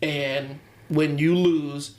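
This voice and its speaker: A man's voice: fairly high pitch, steady tone, extremely slow. A man co-hosting a casual coaching podcast, rambling with many ums and restarts and an occasional chuckle. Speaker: podcast co-host, basketball coach. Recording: roomy echo.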